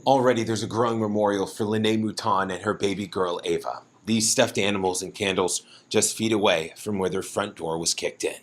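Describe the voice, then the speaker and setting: A man reporting a news story in a measured, somber delivery. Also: on the low side, fairly even intonation.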